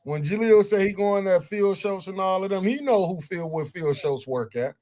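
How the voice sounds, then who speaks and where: A man chatting casually on a live podcast, teasing in a low-key, drawn-out way. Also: lively intonation, darkish tone.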